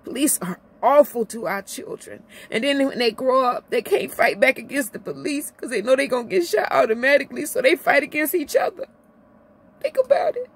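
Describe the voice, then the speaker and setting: Woman, middle-aged, near tears, emotional, repetitive, voice swinging high and low, impassioned vlog rant. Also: expressive, brisk, few pauses, husky. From Illinois. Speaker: vlogger.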